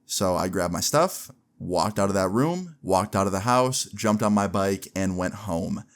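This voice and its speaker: A man's voice: sits low, measured pace. Young man telling a story casually. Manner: casual, slangy, lively storytelling. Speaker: vlogger. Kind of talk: storytime vlog.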